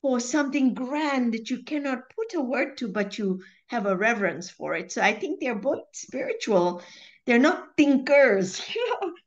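A woman who hosts and writes books, talking in a lively, animated way and laughing often as she acts out her own thoughts. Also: fairly high pitch, moderate pace, lo-fi sound. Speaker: author and show host. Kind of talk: conversational interview.

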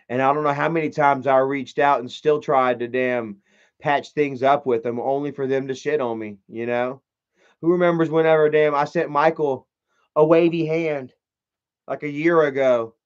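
A young man with a medium-pitched, clean voice rambles casually on a livestream, swearing and leaning on "you know" fillers. The stream audio is dull and lo-fi.

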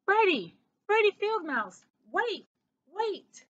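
An eager little boy church mouse squeaks excitedly, as a woman puts him on. His voice sits high, and the sound is dull and lo-fi. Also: a little slow, no echo. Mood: urgent. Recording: dull lo-fi recording.

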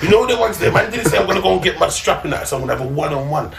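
A man with an English accent and London street slang, telling a comic story loudly, often shouting and laughing. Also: high-pitched, lively intonation, racing, gravelly. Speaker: podcast guest telling a story. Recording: echoey room with crowd noise.

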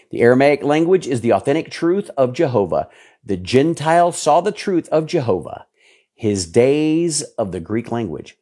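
A man in his fifties delivering a sermon in a low voice that swings widely up and down. He preaches emphatically, repeating his points and leaping higher to drive them home. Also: darkish tone. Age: 50s. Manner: emphatic, repetitive preaching with sudden pitch jumps.

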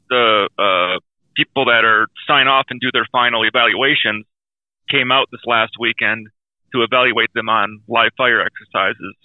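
A man's voice: mid-range voice, dry recording, narrow, tinny audio. A man co-hosting a podcast in casual chat, talking candidly and rambling with self-aware asides. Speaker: podcast co-host.

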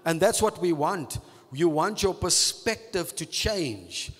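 A male pastor delivers a sermon in a deliberate, unhurried way, stretching key words and circling back over the same phrases. His voice sits fairly high for a man. The sound carries a long reverb tail, as from a large hall. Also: animated, a bit bright.

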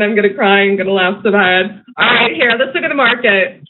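A woman hosting a live day trading stream, talking excitedly to herself and her viewers with frequent laughter. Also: sits high, brisk. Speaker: day trading show host. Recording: tinny phone-like audio with faint noise.

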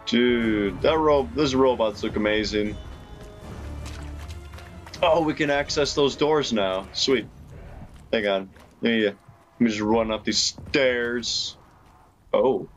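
A man casually commenting on his own video game play, excitable and chatty, laughing often. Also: medium pitch, slow, pauses often, soft background music. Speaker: gaming YouTuber.

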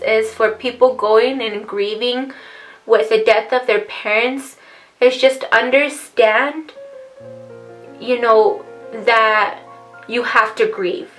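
A woman with a fairly high voice talks straight to her viewers in a personal vlog, earnest and rambling, often calling them "you guys." She speaks softly and slowly, close to tears. Faint music plays underneath. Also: poor audio. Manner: soft, slow delivery near tears. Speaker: vlogger. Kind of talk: personal vlog talk to camera. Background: faint background music.

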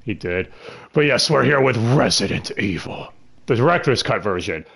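A man's voice: on the low side, animated, normal speed, gravelly, fairly bright tone, breathy edge. A man casually commentating a game stream, chatty and enthusiastic with some swearing. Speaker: let's-play host.

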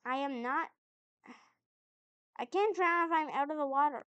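A woman's voice: high voice, unhurried, fairly bright tone, no room sound, lo-fi sound. A woman giving chatty let's-play commentary, puzzled and talking back to the game as she plays. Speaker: gamer.

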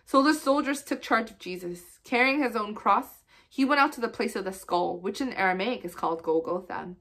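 A woman reading scripture aloud for children in steady, plain narration. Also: on the high side, normal speed. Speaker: Bible reader for children.

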